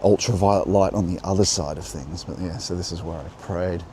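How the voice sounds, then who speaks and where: A man's voice: low voice, steady tone, brisk, dark tone. A man talking as he walks through a church garden by the harbour, musing and offhand. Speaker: vlogger. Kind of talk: walking tour vlog with talk. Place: outdoors by a harbour. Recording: outdoor noise and passing vehicles. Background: outdoor ambience and traffic.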